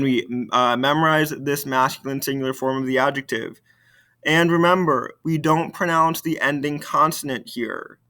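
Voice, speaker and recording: A man teaching a recorded French lesson, slowly modeling words for students to repeat. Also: a little high, bright, forceful tone. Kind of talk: recorded video lesson with repetition drills.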